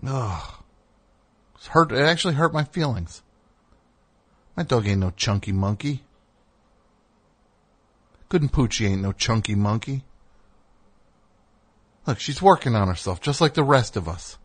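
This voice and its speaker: A man's voice: medium pitch, animated, unhurried, pauses often, slightly rough. A man hosting a comedic call-in radio show, ranting in a rambling, indignant way.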